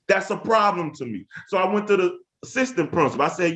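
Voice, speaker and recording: An emphatic man, speaking to teachers in a webinar. His voice sits a little high, and he tells stories like a preacher, repeating key phrases and calling out to the audience. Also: expressive, brisk, hardly any pauses, a bit bright. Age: 30s. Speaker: education speaker. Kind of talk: webinar talk with storytelling.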